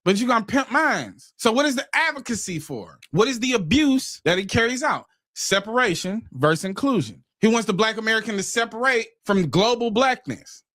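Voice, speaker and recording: A man in a played clip giving pointed commentary with an emphatic, measured delivery. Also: high voice, lively intonation, sharp tone, no echo, clean studio sound.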